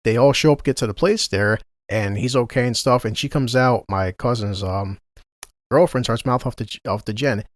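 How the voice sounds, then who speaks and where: A man's voice: medium pitch, normal speed, no echo, clean studio sound. A man, a podcast co-host telling a family story in casual, profane chat and laughing often.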